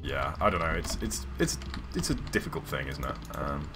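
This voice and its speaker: Deep-voiced man rambling on a stream. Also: lively intonation, moderate pace. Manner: rambling, hesitant, many fillers and restarts. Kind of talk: casual live-stream chat while gaming. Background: background music.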